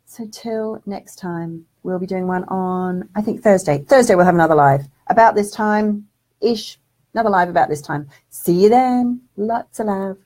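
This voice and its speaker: A spiritual development teacher chats affectionately through viewer comments on a casual live stream, reading them out and calling people darling. She speaks at a normal speed in a mellow, medium-pitched voice.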